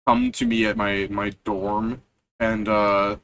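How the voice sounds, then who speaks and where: A man's voice: fairly low pitch, flat delivery, takes it slowly, fairly bright tone, slight background noise, rough recording. A young man in casual post-game chat, telling rambling stories full of restarts. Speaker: tabletop game player.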